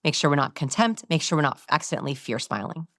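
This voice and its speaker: A woman in an interview, explaining body language in an animated, demonstrative way. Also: low-pitched, quick pace, no room sound, studio quality. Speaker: guest expert on body language.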